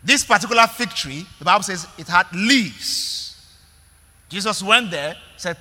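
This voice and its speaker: A man's voice: high voice, lively intonation, moderate pace, pushed and bright, long reverb tail. A male pastor preaching a sermon in an emphatic way, repeating words and calling out to the congregation.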